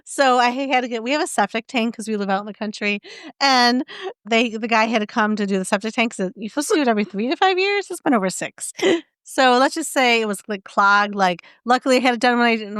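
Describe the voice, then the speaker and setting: A woman's voice: fairly high pitch, fairly bright tone, clear, resonant tone, no echo, clean studio sound. A woman co-hosting a podcast, telling chatty stories and laughing often. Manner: giggly storyteller, laughs often. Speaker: podcast co-host. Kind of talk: casual chat. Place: rural home.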